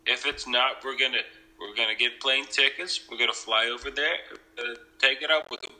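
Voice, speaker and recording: A man's voice: mid-range voice, brisk, sharp tone, poor audio. A man with a Canadian accent and a slight Southern drawl, co-hosting a casual chat and joking with his friends. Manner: joking, restarts often. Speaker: podcast co-host.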